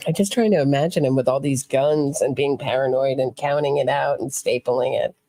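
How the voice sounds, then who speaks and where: Mellow-voiced woman hosting a casual stream. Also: very deep voice, fairly quick, no echo. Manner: chatty, thinks out loud, reads out chat. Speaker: true crime podcast host. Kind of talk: casual live-stream commentary.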